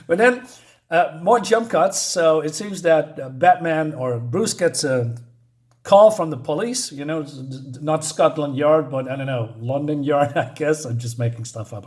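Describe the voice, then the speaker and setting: A man's voice: a little high, lively intonation, measured pace. A man casually reviewing a comic book, hesitant and stumbling over his words, chuckling often.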